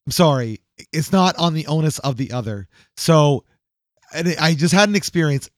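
A man with a somewhat high voice tells a rambling, profane anecdote in casual podcast chat. He is animated and swears freely. The sound is dry and close. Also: moderate pace, no echo. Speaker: podcast co-host.

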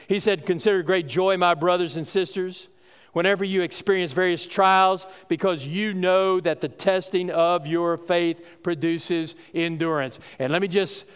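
A man's voice: sits high, clear, resonant tone. A man preaching a sermon as pastor, folksy and emphatic, his voice rising on key points. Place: church sanctuary. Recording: reverberant church hall.

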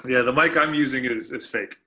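A man with a bright, sharp-edged voice tosses out crude, provocative questions in a loose group chat. His delivery is blunt and joking. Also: medium pitch, fairly quick. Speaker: podcast co-host. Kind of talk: casual chat.

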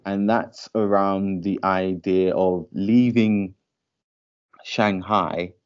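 A man living in Shanghai co-hosts a podcast, chatting casually, laughing easily and using plenty of fillers like "um" and "you know." His very low voice is smooth and steady, very slow, and the audio is dull and lo-fi, like a call recording.

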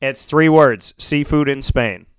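A man's voice: mid-range voice, slow pace, smooth. A man hosting a radio talk show, telling a long personal story in a casual, rambling way with many restarts. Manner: animated, rambling, lots of restarts and fillers.

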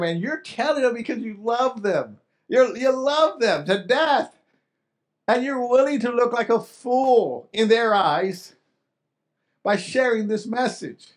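A man with a high voice preaches a sermon, talking to his listeners as if in conversation. He restarts and repeats his words and asks them questions. His volume swings between quiet and loud to drive his points home. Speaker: pastor.

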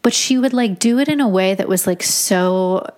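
A young woman casually telling a personal story in a chatty, animated way, full of fillers. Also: medium pitch, normal speed. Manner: chatty, filler-heavy, animated retelling with laughs.

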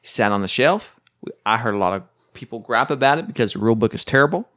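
Casting: male podcast host from the US, mid-pitched, wry and rambling. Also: lively intonation, a bit bright. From United States. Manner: rambling, wry, quick asides. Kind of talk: casual chat.

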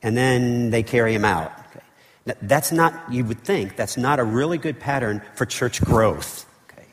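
Man pastor, animated casual sermon voice, long church reverb, mid pitch. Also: normal speed. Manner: animated, conversational preaching with frequent "okay" and "right". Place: church sanctuary.

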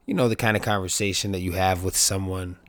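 A man's voice: low voice, fast talker, no echo. A man hosting a podcast, talking in a casual, rambling monologue full of swearing, with his voice jumping up when he acts out other people. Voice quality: profane, rambling, animated when quoting others. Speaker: podcast host.

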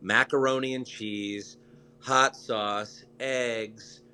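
A male news guest talks at an everyday middle pitch. He rambles happily from point to point and lights up with enthusiasm as he chats. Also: steady tone, drawn-out words, pushed and bright, a little hiss or hum. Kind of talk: casual interview chat.

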